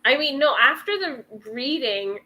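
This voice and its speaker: A woman with a bright, high voice talks casually as a guest. She tells her stories with animation, playing out her own old quotes and laughing between them. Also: animated, unhurried. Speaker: guest in a relationship reading. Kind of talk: casual chat.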